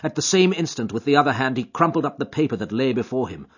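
A man's voice: mid-range voice, lively intonation, quick pace, breathy edge. Man narrating a story expressively. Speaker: audiobook narrator. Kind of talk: scripted narration. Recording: dull lo-fi recording.

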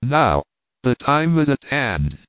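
A man voicing a kind friar who speaks softly and gravely, in an audiobook reading. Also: mid-range voice, very animated, slow pace, no room sound. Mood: solemn. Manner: soft, grave delivery. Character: gentle male friar, solemn and kind. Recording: dry, tinny phone-like sound.

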